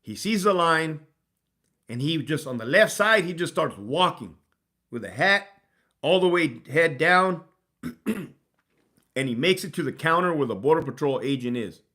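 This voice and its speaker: A man's voice: on the high side, expressive, measured pace, pauses often, sharp tone. A man hosting a casual livestream, swearing freely and laughing as he talks to his chat. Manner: profane, laughing, reading chat aloud. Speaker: livestream host.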